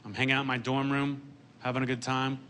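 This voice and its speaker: A man performing a stand-up comedy set onstage, with a deadpan delivery. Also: medium pitch, fast talker, slight background noise. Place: stage before a live audience.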